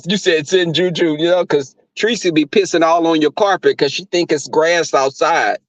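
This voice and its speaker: A man's voice: a little high, normal speed, no echo, highs cut off. A man telling crude, profane stories to live viewers from his workplace. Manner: crude, animated, frequent laughs and swearing. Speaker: live streamer.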